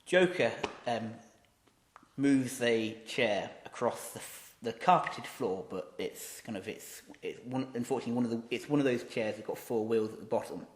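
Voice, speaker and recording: A man's voice: mid-range voice, animated, normal speed. A man co-hosting a podcast, improvising a story with many restarts and fillers. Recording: roomy echo.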